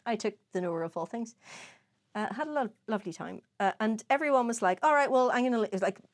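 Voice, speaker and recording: A young woman with a fairly high voice that swoops all over as she tells a tale. She swears freely and acts out what she said back then, in a casual chat between podcast co-hosts. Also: fast talker. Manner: animated storyteller, swears freely, acts out her own past lines. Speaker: podcast co-host.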